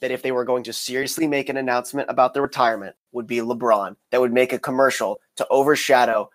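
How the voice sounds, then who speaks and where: Young male podcast host, casual and lively, jumps in fast. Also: medium pitch. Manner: quick, animated, talks over others. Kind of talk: casual chat.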